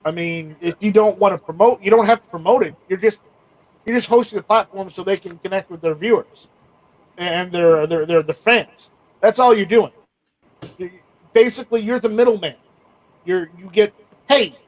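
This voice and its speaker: Man, General American accent, high voice, host, rambling, fillers. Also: moderate pace, rough recording. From southern United States. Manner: rambling, repeats words, many fillers. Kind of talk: casual chat.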